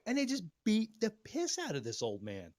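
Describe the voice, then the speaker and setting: A man casually telling a long, profane story, animated and mocking himself. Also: high voice, moderate pace, no echo, clean studio sound. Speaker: podcast co-host.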